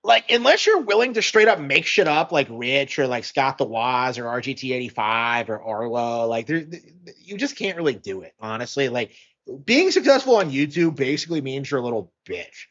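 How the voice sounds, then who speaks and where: A man's voice: medium pitch, sing-song, moderate pace, fairly bright tone. A man talking in a rambling, hesitant way, full of fillers and restarts, in casual commentary. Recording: muffled lo-fi audio.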